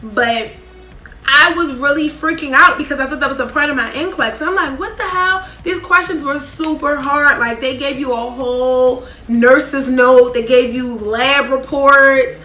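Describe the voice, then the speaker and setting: A young woman in her twenties tells a casual storytime, her bright voice sitting a little high. She talks in a chatty, animated way, full of "like" and quick asides. Her voice carries through a roomy, echoing space over faint background music. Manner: chatty, animated, heavy use of "like". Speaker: vlogger.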